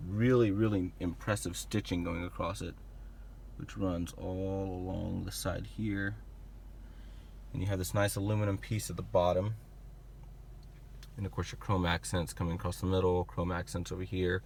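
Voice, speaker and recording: A man's voice: sits low, a little hiss or hum. A young man casually walking viewers through a car's interior, chatty and loose with lots of filler words. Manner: relaxed, chatty, many fillers like "like" and "you know". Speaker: car reviewer. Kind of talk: casual product walkthrough. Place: inside a car.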